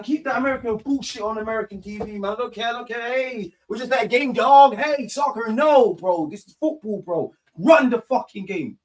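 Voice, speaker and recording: A man hosting a live football watch-along, swearing a lot, muttering to himself and shouting at goals. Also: sits high, lively intonation, brisk, hardly any pauses. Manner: mutters quietly to himself between outbursts.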